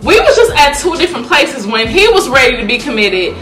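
A woman in her twenties chatting casually on a vlog, lively and swearing freely as she acts out what people said. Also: sits high, a little fast. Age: 20s. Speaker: vlog guest, girlfriend. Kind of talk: casual chat. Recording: echoey room with music behind.

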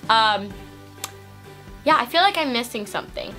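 A woman hosting a casual vlog at home, excitedly gushing and giggling as she opens presents. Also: a little high, normal speed, soft background music. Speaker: vlog host. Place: at home on Christmas Eve.

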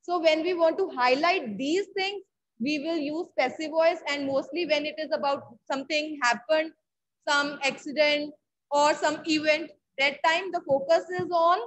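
A woman's voice: high-pitched, moderate pace, fairly bright tone, rough recording. A woman with an Indian English accent teaching an online English grammar class, repeating key words and checking often that students follow.

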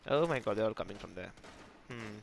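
A man hosting a gaming channel, giving live, excitable and self-mocking commentary as he plays, talking to teammates and enemies. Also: lowish voice, a little fast, gravelly, slight background noise.

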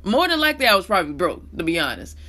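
An animated woman speaks straight to camera in a candid monologue. Her voice is bright and forward, jumping from loud, pointed outbursts to low, hushed asides. She talks in slangy, blunt bursts. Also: very fast. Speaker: vlogger.

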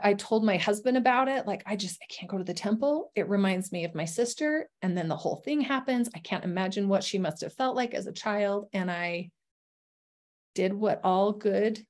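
A woman's voice: mid-range voice, a little mellow. A woman telling her own life story as a guest, speaking candidly and earnestly, with frequent ums and restarts. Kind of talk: personal testimony.

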